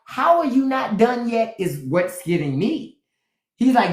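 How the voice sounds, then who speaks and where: A woman's voice: on the high side, expressive, moderate pace. A woman hosting a live stream in casual chat, candid and laughing, swearing freely. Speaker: livestream host. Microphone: phone during a live stream. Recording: echoey room.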